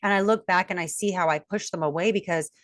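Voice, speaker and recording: Frank, animated woman telling her story. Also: on the low side, quick pace, no echo, clean studio sound. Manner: frank and animated, acting out quoted voices. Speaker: guest, self-mastery coach. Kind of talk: candid personal storytelling.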